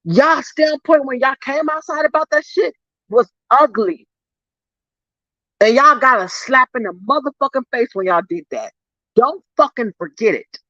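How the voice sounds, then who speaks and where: A woman's voice: high voice, expressive, moderate pace, fairly bright tone, dry recording. Female streamer, confrontational profane rant to chat, dull dry lo-fi audio. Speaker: YouTuber livestream host. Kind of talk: ranting to livestream viewers.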